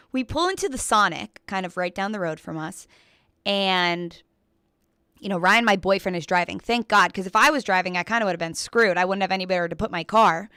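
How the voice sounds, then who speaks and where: Young woman, radio co-host; animated rant, smooth clear voice, dry studio sound. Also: mid-range voice, normal speed, no echo. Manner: animated, frequent "like", laughs while telling. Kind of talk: casual radio chat, storytelling rant.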